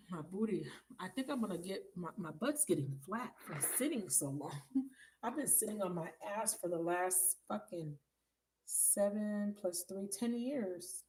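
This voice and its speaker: Warm and unhurried, with a mid-range voice, a woman reads tarot for her live stream audience at home. Her casual chat is blunt and laced with swearing, and she calls everyone baby.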